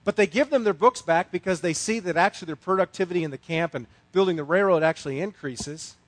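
A man preaching a sermon, telling a story with sweeping swings from hushed to loud and pausing over his words. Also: high voice, dry recording. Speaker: pastor.

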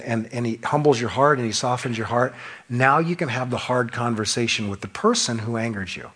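In a husky mid-range voice, a pastor delivers a passionate sermon to his congregation, full of rhetorical questions. He shifts between loud emphasis and sudden hushed drops.

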